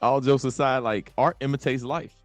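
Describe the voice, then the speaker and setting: A man's voice: medium pitch, steady tone, normal speed, loud music behind the voice. A man, laid-back and earnest in a casual talk radio discussion, laughing easily.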